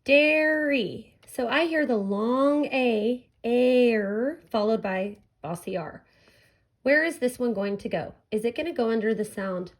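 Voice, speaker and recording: A woman teacher giving a recorded phonics lesson to children, speaking clearly and drawing out each sound. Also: mid-range voice, a little mellow. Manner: slow, clear, stretching out sounds for young learners.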